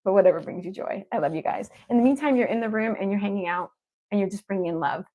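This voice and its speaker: Hosting a livestream, a woman who works as an evidential medium talks casually and warmly with her audience, upbeat and repeatedly telling them she cares. She speaks quickly in a mellow, medium-pitched voice.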